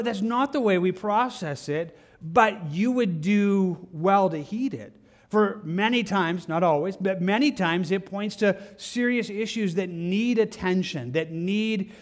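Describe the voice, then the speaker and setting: A man preaching a Sunday sermon with a high-pitched voice. He talks with the congregation in an earnest, conversational way and acts out the lines he quotes. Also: unhurried. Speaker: pastor.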